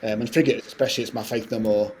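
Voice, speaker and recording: A middle-aged man, telling stories as a podcast guest in animated, rambling talk. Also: fairly low pitch, slight background noise. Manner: fast, animated anecdote-telling with frequent laughs. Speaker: guest composer. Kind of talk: casual podcast interview storytelling.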